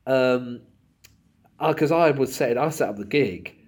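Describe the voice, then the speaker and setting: A man from Southend, a comedian, chatting casually and acting out exchanges in animated anecdotes. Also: mid-range voice, a little slow. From Southend, England. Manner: animated storytelling, acts out dialogue. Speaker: comedian and podcast host. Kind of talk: casual chat.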